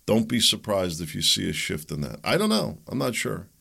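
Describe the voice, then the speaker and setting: A man's voice: on the low side, very animated, moderate pace, vocal fry, bright, forceful tone, slightly rough. A man hosting a political commentary show, thinking aloud and hedging his opinions as he talks. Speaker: host.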